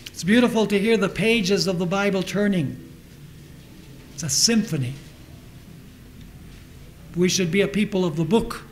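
A man's voice: high voice, a little hiss or hum, poor audio. A middle-aged man preaching a sermon in a church, reading scripture aloud and asking the congregation rhetorical questions. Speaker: pastor.

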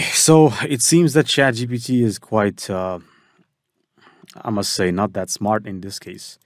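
A man hosting a software tutorial, thinking aloud as he walks through each step. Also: fairly low pitch. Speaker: tutorial host. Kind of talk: screen-recorded software tutorial.

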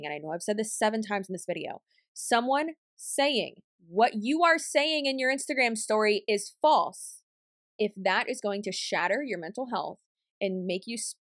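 Woman vlog host, reaction commentary, sassy and blunt, mid pitch, dry untreated room. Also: dry recording. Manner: blunt and sassy, talking back at the screen.

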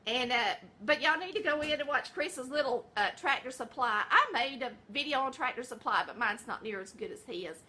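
A woman's voice: sits high, lively intonation, fairly quick, few pauses, sharp tone. A middle-aged woman with a Southern US accent, chatting in a folksy, rambling way in her home kitchen, sounding tired. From American South. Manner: folksy, rambling, says y'all and honey. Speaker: vlog host, home cook. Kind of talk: casual chatty vlog.

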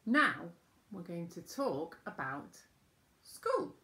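A woman teaching children school signs, gentle and patient, naming each word with pauses. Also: lowish voice, roomy sound. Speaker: children's sign language presenter. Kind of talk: slow teaching talk to children.

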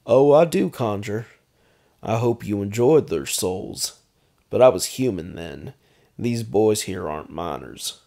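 A man reading an audiobook, voicing a smug, pompous male vampire baron who speaks in a low, mocking drawl. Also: animated, measured pace, vocal fry, dark tone, full character voice.

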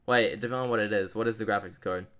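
A man's voice: lowish voice, racing, clear, resonant tone. A young man streaming a video game, chatting casually with friends and viewers and trash-talking with lots of slang. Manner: excitable trash talk with slang. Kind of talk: casual gaming chat.

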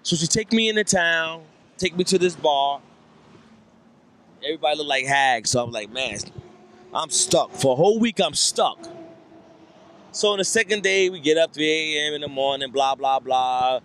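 Man, stand-up comedian, rambling repetitive storytelling, slightly high voice, club stage. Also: normal speed, fairly bright tone, slight background noise.

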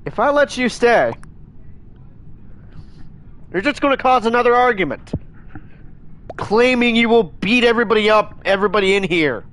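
A male streamer with a high, light voice who talks over his game in a rambling, excitable rush. He stumbles and restarts often and keeps scolding his chat as he goes. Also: normal speed, pauses often. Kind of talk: live gaming stream chat.

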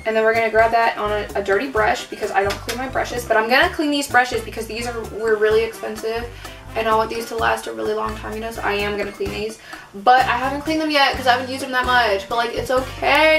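A woman's voice: on the high side, fairly even intonation, fairly quick, over music. A young woman chatting casually through a makeup tutorial at home, self-mocking and sarcastic, with lots of "like" fillers, talking to a camera propped on a table. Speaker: beauty vlogger. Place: at home in front of a mirror.

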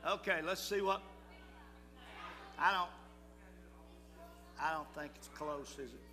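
A man's voice: fairly high pitch, slow, pushed and bright. An older man leads a children's Bible school assembly in a folksy, coaxing way, calling out to the crowd. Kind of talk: leading a children's church assembly. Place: church hall. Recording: hall reverb with music.

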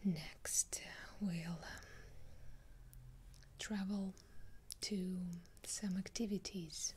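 A woman's voice: medium pitch, steady tone, very slow, dark tone, a little hiss or hum. A woman with a Russian accent whispering an ASMR video, reading a numbered list with dry, amused asides. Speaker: ASMR creator.

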